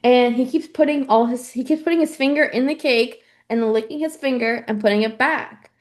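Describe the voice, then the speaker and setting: High-voiced giggly young woman. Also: a little fast. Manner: giggly, animated storyteller. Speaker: podcast co-host. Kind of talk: casual chat.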